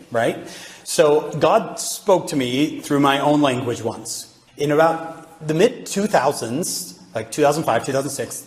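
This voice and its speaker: Joking male speaker in an echoey hall. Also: a little high. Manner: joking, animated, quizzes the audience with questions. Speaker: religious speaker. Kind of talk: humorous devotional talk to a live audience. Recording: echoey hall with faint background noise.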